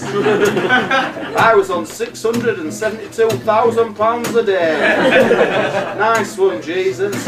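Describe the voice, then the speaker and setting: A man telling a sweary comic story and laughing at his own jokes. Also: high-pitched. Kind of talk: comic storytelling over music. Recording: roomy live recording, mic at a distance, loud music.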